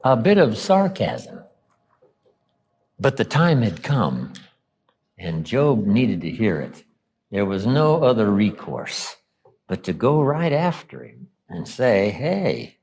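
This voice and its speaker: An older man giving a motivational seminar talk, acting out quoted lines with dramatic pauses. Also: fairly low pitch, big pitch swings, darkish tone, slightly rough. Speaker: motivational speaker.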